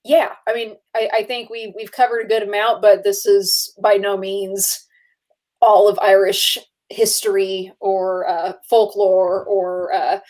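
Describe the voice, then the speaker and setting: A woman co-hosting a casual live movie chat, talkative and quick to laugh, with many fillers. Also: mid-range voice, little pitch movement, darkish tone. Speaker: co-host.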